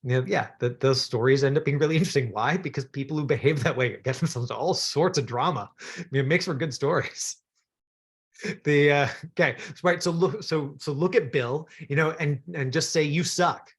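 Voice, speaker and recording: A Canadian acting coach with a slightly high, husky voice speaks briskly during an acting workshop. He guides actors through self-tapes in a chatty, encouraging way, with plenty of fillers.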